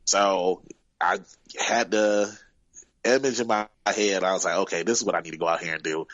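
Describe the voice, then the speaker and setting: A man's voice: sits low, fairly even intonation, normal speed, a bit bright, no echo, dull audio. A man, a guest wrestler, telling stories casually in an interview, rambling with many fillers.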